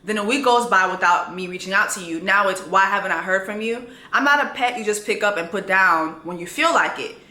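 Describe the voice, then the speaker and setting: Woman, thirties, storytime vlog, blunt and sassy, bright tone, roomy echo. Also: mid-range voice, brisk, hardly any pauses. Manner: blunt, sassy, quotes texts aloud. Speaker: vlogger telling a dating story.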